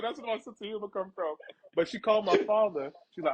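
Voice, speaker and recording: Husky-voiced man telling animated stories. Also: fast. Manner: animated, laughs through stories, acts out quotes in a higher voice. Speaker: podcast host. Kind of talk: casual storytelling chat. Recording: dull lo-fi sound.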